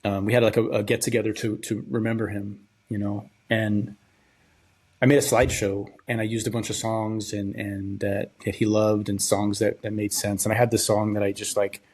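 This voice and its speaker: A young man hosting a podcast, telling a personal story in a halting, subdued, grieving way, often trailing off and repeating words. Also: lowish voice, level tone, a little mellow. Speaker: podcast host.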